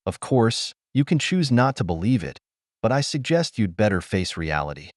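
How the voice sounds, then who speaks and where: A man reading as a betrayed husband who speaks calmly, coldly and with sarcasm in an audio story. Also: fairly low pitch, normal speed, dry recording, clean studio sound. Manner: calm, cold, sarcastic. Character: cold, betrayed middle-aged husband.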